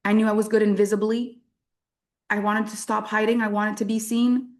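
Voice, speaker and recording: A woman from French-speaking Canada speaks to a workshop audience as a business coach. Her delivery is candid and animated, with self-deprecating humor and frequent laughter. She sits in a mid range of pitch for a woman. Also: moderate pace. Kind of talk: motivational workshop talk.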